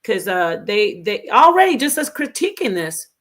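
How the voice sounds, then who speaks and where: A woman's voice: mid-range voice, very animated, normal speed. A woman hosting a casual commentary show, speaking in an earnest, critical and emphatic way. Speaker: host.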